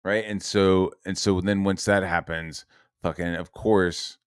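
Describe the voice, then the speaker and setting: A man's voice: low-pitched, steady tone, measured pace, clean tone, dry recording, studio quality. A man ranting in a heated, profane and sarcastic monologue. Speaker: online commentator.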